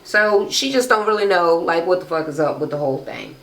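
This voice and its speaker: A woman's voice: lowish voice, animated, a little fast, a bit bright. Sassy, profane woman recapping reality TV. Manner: profane, sassy, mocking commentary. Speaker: YouTube reality-show recapper. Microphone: camera microphone. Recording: roomy, echoey room.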